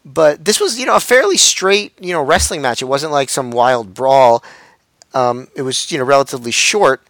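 A man co-hosting a podcast in a loose, easygoing way, his voice at an average pitch. He stammers and repeats words as he works out his thoughts. The sound is dry and close. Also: lively intonation, normal speed, a bit bright, no room sound. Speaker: podcast co-host. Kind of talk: casual chat reviewing wrestling shows.

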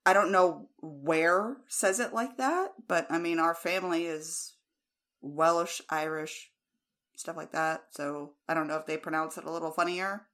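An American woman chats in a relaxed way and laughs easily. Her voice sits very low for a woman. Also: measured pace. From United States. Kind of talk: casual chat.

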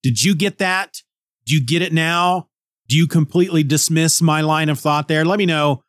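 A man hosting a podcast in a casual, rambling monologue, goofy and quick to joke at his own expense. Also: on the high side, a bit bright, no room sound, studio quality. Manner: goofy, rambling, jokes at himself. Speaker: podcast host.

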